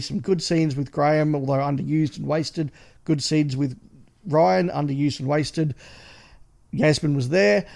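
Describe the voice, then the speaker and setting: A man, co-hosting a casual podcast chat and giving measured opinions point by point. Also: fairly high pitch, gravelly, darkish tone. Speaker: podcast co-host.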